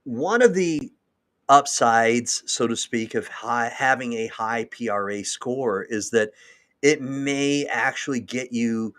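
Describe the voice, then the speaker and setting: A man's voice: medium pitch, takes it slowly, fairly bright tone. A man hosting a livestream, talking in a rambling, long-winded and emotional way. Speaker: host. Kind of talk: livestream talk.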